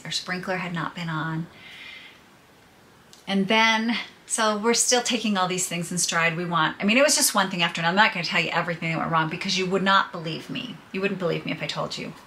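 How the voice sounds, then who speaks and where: Chatty middle-aged woman vlogger, candid storyteller, bright and lowish voice. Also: a little hiss or hum. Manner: chatty, candid, laughs through hard news. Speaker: podcaster and vlogger. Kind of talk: casual personal storytelling to viewers.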